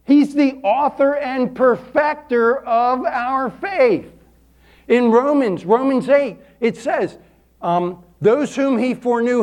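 A male pastor with a notably high voice gives a folksy sermon in a church. He leans hard on repetition and emphasis, drawing the congregation in with calls for amens. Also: a little mellow. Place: church sanctuary.

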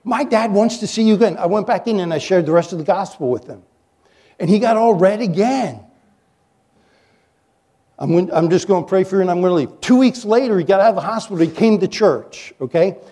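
Pastor guy preaching, higher-ish mellow voice, jokey storyteller vibe. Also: a little fast. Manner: animated, jokey storyteller who coaches the audience. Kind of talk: sermon with storytelling.

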